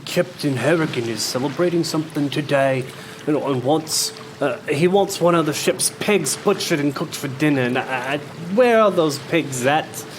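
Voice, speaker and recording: Man playing a jittery little pirate recruit, Australian accent, stammers, pitched up a bit. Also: animated, moderate pace, a little hiss or hum, close to an everyday voice. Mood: nervous. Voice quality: stammering, hesitant. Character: nervous small young male pirate recruit.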